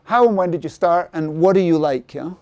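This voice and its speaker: A middle-aged man presenting a sales workshop who keeps checking in with the audience through quick tag questions. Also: on the high side, darkish tone, no room sound. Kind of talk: interactive seminar talk.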